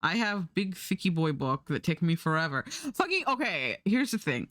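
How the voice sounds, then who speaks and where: A woman's voice: fairly low pitch, big pitch swings, moderate pace, fairly bright tone, no room sound, clean studio sound. A young adult woman streaming, chatting casually and rambling while she draws, swearing now and then.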